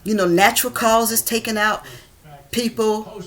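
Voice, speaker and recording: A woman's voice: mid-range voice, moderate pace, a bit bright. Woman, 50s, Georgia Southern accent, emphatic, impassioned, repeats herself for emphasis, vlog rant from a room at home. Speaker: vlogger. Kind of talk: venting monologue.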